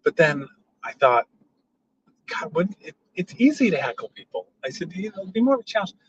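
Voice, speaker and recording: A man telling stories casually as a passenger in a moving car, animated, jumping into loud high voices for quotes. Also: brisk. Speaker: passenger and storyteller. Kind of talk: casual storytelling chat. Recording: dull lo-fi sound, faint road hum.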